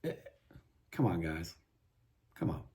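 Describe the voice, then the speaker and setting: A man's voice: sits low, very animated, slow pace, mellow. A man venting in a rambling, frustrated monologue, full of restarts and asides. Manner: frustrated, rambling, many restarts and "you know". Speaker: guitar vlogger.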